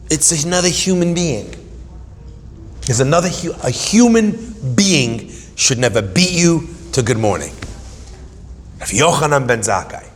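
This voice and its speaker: A man gives an animated Torah class, moving between stories and humorous asides. His voice sits on the higher side and carries dramatic emphasis. The sound has the long reverb of a hall. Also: gravelly. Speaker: Torah teacher.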